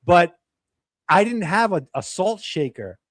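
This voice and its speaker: A man telling lively stories as a podcast guest, laughing as he goes. His voice is a little higher than most men's. The sound is close and dry. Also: measured pace, no room sound. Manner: animated storyteller, laughs while telling. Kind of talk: casual interview chat.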